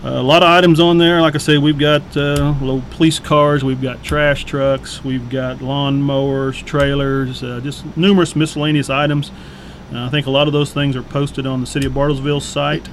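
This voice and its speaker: A man, a city staff guest on local radio, giving plain, steady information. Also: medium pitch, moderate pace, a little hiss or hum. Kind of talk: casual radio chat.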